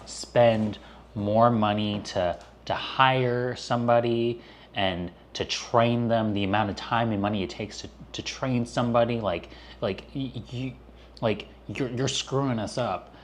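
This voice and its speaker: A man's voice: mid-range voice, fairly even intonation, unhurried, slight background noise, pitched above the performer's own voice, natural voice. A man quoting an angry female restaurant owner who is scolding an employee for quitting. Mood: exasperated.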